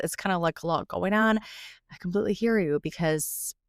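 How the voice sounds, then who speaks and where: A woman in her thirties talks through a solo podcast episode in a lowish, friendly voice. She is chatty and encouraging, coaching her listeners warmly. The sound is close and dry, with no room echo. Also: moderate pace. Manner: chatty and encouraging, with frequent laughs. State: pregnant. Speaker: podcast host and dental business coach.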